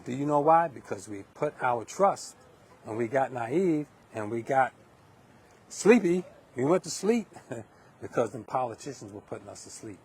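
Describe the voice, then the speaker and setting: A man's voice: medium pitch, a little mellow, a little hiss or hum. A man from Hempstead, New York, with a North Carolina-tinged New York accent, giving a heated live stream monologue outdoors at dusk into a handheld phone camera. He rants, restarts and repeats words as he goes. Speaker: livestreamer. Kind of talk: impassioned street livestream monologue.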